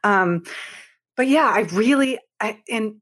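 A woman talking as a podcast guest, candid and animated, laughing easily and restarting her sentences. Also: a little high, takes it slowly. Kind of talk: candid conversational interview.

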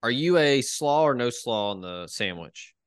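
A man's voice: medium pitch, expressive, unhurried, clean tone, dry recording, studio quality. A man hosting a casual chat podcast, upbeat and steering the talk with questions. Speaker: podcast host.

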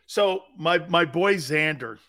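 A male sports talk host tells a meandering story in loose, chatty fashion. His voice sits a touch higher than most men's. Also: animated, slow, fairly bright tone. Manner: rambling anecdotal storytelling. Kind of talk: casual live talk show monologue.

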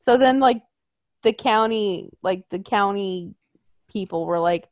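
A woman's voice: medium pitch, takes it slowly, pauses often, dry recording. Young woman ranting in casual chat, swears a lot, bouncy voice up and down, dry sound. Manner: animated, swearing, acts out quotes in voices.

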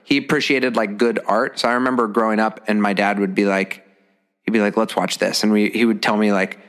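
A man chatting casually on a podcast. His voice sits a little low, and he rambles and hesitates, searching for words. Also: fairly even intonation, fairly quick, a bit bright. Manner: rambling, hesitant, full of fillers. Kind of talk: casual chat.

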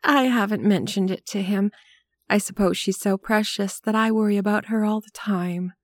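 A woman's voice: medium pitch, fairly even intonation, moderate pace, no room sound, studio quality, pitched above the performer's own voice, close to an everyday voice. A woman voicing an anxious, doting young mother in an audiobook reading. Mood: fretful. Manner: earnest, eager, a little fretful.

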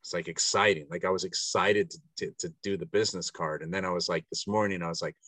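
A man's voice: low voice, fairly even intonation, quick pace, hardly any pauses, fairly bright tone, dry recording. A middle-aged man in a coaching session, talking in a rambling, self-searching way with many restarts. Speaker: coaching client. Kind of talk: casual reflective conversation. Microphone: video call.

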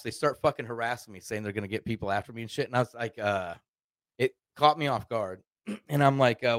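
This Arkansas man speaks briskly in a fairly low register, with no echo on the audio. Chatting casually on a podcast, he spins a meandering, foul-mouthed yarn and mimics the voices of everyone he quotes.

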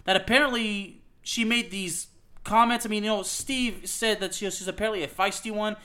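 A man's voice: sits high, steady tone, moderate pace, bright, forceful tone. A man hosting a soccer podcast, ranting emphatically with frequent "okay?" and "you know what?" and some swearing. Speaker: podcast host. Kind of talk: soccer opinion podcast rant.

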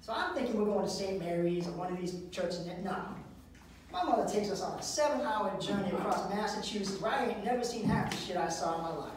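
A male comedian tells stories on stage with a lively delivery. His voice sits high and bounces up and down as he talks. It is caught by a distant mic and echoes strongly around the room. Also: brisk, a little hiss or hum. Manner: animated storytelling with voices. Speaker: stand-up comedian. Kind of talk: stand-up comedy set. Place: live comedy venue.

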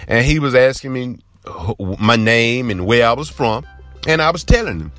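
A man's voice: mid-range voice, expressive, moderate pace, a bit bright, faint music behind. A man from Georgia with a Southern accent, earnestly telling a personal story in a rambling, repetitive way. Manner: earnest, rambling, repeats himself. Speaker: podcast host. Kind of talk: casual spoken storytelling.

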